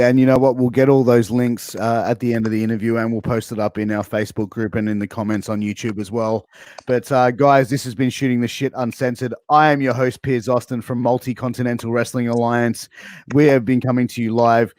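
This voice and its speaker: A playful Australian man hosts a casual interview, swearing freely as he quizzes his guest. His voice sits at an ordinary middle pitch, heard over a video call. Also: little pitch movement, a little fast, a little mellow, no echo. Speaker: host.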